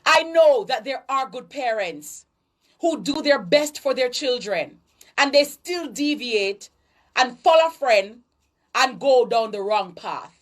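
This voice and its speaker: Jamaican woman, high-pitched, emphatic lecturing commentary with patois. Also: animated, slow. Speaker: online commentator. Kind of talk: preachy social commentary monologue.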